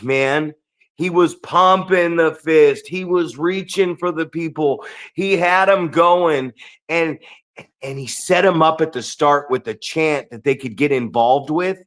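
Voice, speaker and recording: Excitable guy on a podcast, swears a lot, acts out quotes, kinda high voice. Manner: animated, swearing storyteller who acts out quotes. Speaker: podcast co-host. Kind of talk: excited casual chat.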